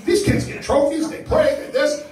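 A man's voice: very high-pitched, moderate pace, a little mellow, soft background music. An older man doing a crude, self-deprecating stand-up set on a comedy club stage. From New York. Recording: roomy live club sound from a distance. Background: laughing audience.

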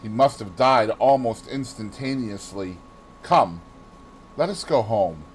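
Lord Henry is a cool, worldly older gentleman in a storybook reading, dry and dismissive in an even tone, as a male narrator reads him. A faint hiss sits behind the voice. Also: fairly low pitch, a little slow.

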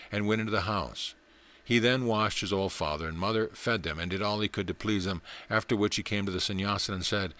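An audiobook reader with a low voice narrates a spiritual text and its parable from a script. His delivery stays measured and earnest, holding steady from one line to the next.

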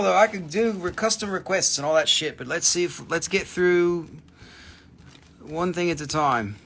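Brief: man on a live-stream sale, slightly raised pitch, loose and profane, answers viewers as he goes. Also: moderate pace, creaky, a bit bright, slight background noise. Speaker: crystal seller hosting a live sale. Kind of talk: casual live-stream sales chat.

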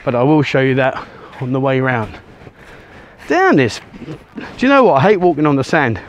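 Walking a sunny beach with a handheld camera he turns on himself, a man vlogs in an expressive mid-range voice at normal speed, with slight background noise. He's mildly out of breath from the sand and rambles, full of ums and uhs.

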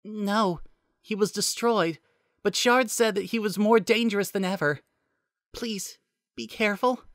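Man doing a high worried lady AI, urgent, bright sharp tone, storybook reading. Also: measured pace, no room sound, clean studio sound. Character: anxious female AI agent.

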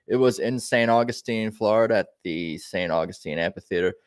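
A man's voice: lowish voice, brisk, clear, resonant tone, no echo, studio quality. A man hosting a fan podcast, talking loosely and rambling, with frequent ums and restarts. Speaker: podcast host. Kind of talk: casual podcast intro.

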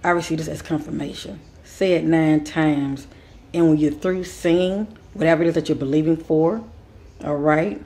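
A woman's voice: low-pitched, moderate pace, darkish tone, a little hiss or hum. A woman giving a spiritual advice monologue, speaking with a repetitive, preacher-like cadence and calling her listeners kings and queens. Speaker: spiritual teacher.

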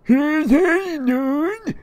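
A man voicing a belligerent teenage boy who screeches threats in a strained high voice. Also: drawn-out words, no echo, heavily acted. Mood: shouting.

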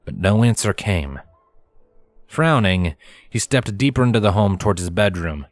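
A man reading a fanfiction story aloud in an expressive storytelling manner. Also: on the low side, moderate pace, no room sound. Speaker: fanfiction reader. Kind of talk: audiobook narration.

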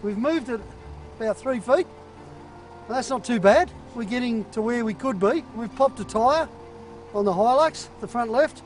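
A man's voice: extremely high pitch, lively intonation, moderate pace, recorded from a distance, soft background music. A man hosting an off-road show, explaining a vehicle recovery out on a muddy mountain track in a practical, upbeat way. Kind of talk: on-location recovery commentary.

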